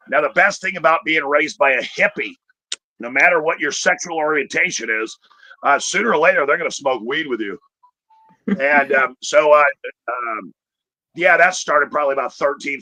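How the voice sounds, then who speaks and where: A man's voice: medium pitch, bright, forceful tone, no room sound. A middle-aged man telling a profane, rambling stand-up story full of fillers. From Chicago area. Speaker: stand-up comedian.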